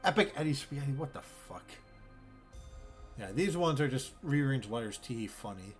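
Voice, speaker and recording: A man streams a zoo-building game, musing aloud in a bemused, rambling fashion and swearing freely. His medium-pitched voice is animated and moderately paced, with soft music playing in the background.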